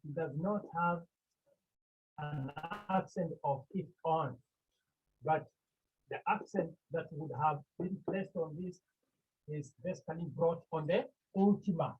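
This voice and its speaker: A teacher giving a class lecture, speaking slowly and deliberately and sounding out words syllable by syllable, with questions put to the class and then answered. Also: medium pitch, husky. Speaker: Greek teacher. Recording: tinny phone-like online class audio.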